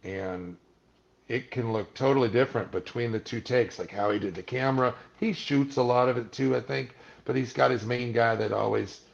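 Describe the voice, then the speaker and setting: A man's voice: medium pitch, normal speed, gravelly, highs cut off. A man guest on an interview, casually telling stories and acting out the voices of people he quotes. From Malibu, California. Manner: animated storyteller, acts out quoted voices.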